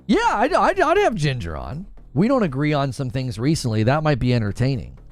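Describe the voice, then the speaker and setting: A man hosting a gaming news stream, chatting casually with viewers and reading their comments, animated and quick to laugh. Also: medium pitch, soft background music. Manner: animated, laughs often, thinks aloud with restarts. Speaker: host of a gaming news show.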